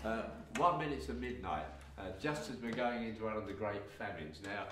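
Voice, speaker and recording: A man's voice: fairly low pitch, brisk, background noise. Rambling English-born man on a stage. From England. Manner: rambling, with many uh fillers and wry asides. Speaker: folk storyteller and performer. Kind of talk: live stage storytelling introduction. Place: live music venue. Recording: echoey hall, mic from far off, guitar faint behind.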